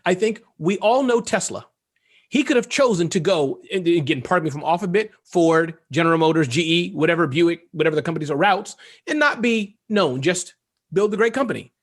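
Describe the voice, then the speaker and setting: High-pitched guy, fast and jokey, chatting as an interview guest. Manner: fast, animated, joking. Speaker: guest entrepreneur. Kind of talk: casual interview talk.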